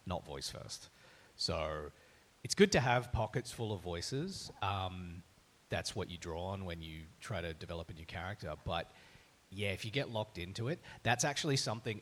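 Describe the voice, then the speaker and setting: An Australian man with a lowish voice, a voice actor on a live panel, tells candid, self-deprecating stories about auditions.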